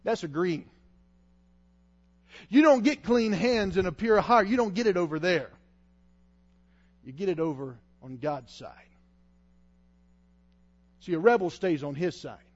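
A man preaching an impassioned revival sermon as a traveling evangelist, swinging from quiet storytelling to loud pleading. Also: sits high, a little slow, long pauses, dull audio. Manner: impassioned, rising to shouts.

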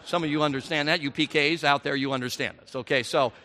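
A middle-aged man preaching a sermon, animated and rising to near shouts on his emphatic questions. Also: fairly high pitch, fast.

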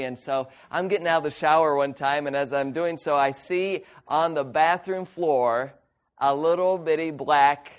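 A middle-aged male preacher whose speaking voice sits a little high. He tells stories in a folksy, self-mocking way and acts out the other people's lines in his sermon. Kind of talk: sermon storytelling.

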